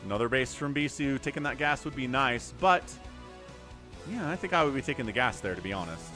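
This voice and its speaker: A man commentating a strategy game live on his stream, chatty and excitable, thanking viewers between plays. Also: mid-range voice, brisk, faint music behind. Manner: animated, chatty, thanks viewers mid-play.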